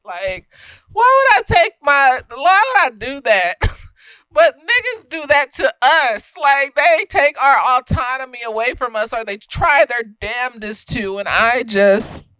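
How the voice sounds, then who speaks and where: Young woman, casual profane reviewer, slightly tipsy, laughs a lot; high, smooth, resonant voice. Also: lively intonation, a little slow, pushed and bright, no room sound. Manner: profane, laughing often, emphatic. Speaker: film reviewer.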